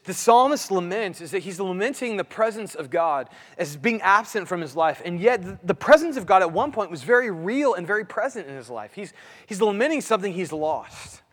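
Male pastor, sermon delivery, earnest with repeated phrases, high voice, long hall reverb. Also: fairly bright tone. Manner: earnest preaching, repeats phrases, voice rises and drops.

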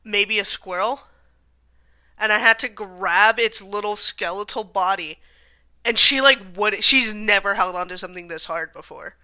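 A woman's voice: medium pitch, moderate pace, pushed and bright. A woman co-hosting a casual chat, telling stories with lots of fillers. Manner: chatty storytelling, frequent fillers and laughs.

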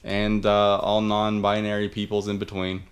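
A man's voice: on the low side, completely flat delivery, normal speed. A man hosting a podcast in casual, joking chat, teasing his co-host and trailing off into restarts.

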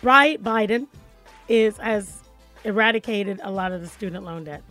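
A woman's voice: medium pitch, moderate pace, bright, forceful tone, soft background music. A woman hosting a radio talk show in a studio, chatting in a playful, teasing way. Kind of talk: casual radio chat.

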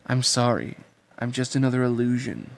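A man reading the lines of a gentle, sad young woman, slow and weighty, in an amateur audiobook reading. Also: mid-range voice, sing-song, gravelly, a little hiss or hum. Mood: solemn.

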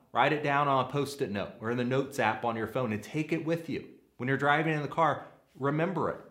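A man's voice: mid-range voice, a bit bright, echoey room. A man giving earnest, practical sermon-style teaching, using everyday analogies.

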